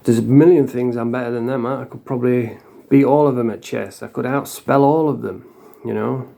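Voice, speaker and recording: A man from around Doncaster speaks with a Yorkshire accent, his voice gravelly and dark. He tells stories to camera in a blunt, rambling way, swearing often and casually. It sounds like an informal vlog. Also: mid-range voice, steady tone, a little fast. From Doncaster area, England. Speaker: vlogger.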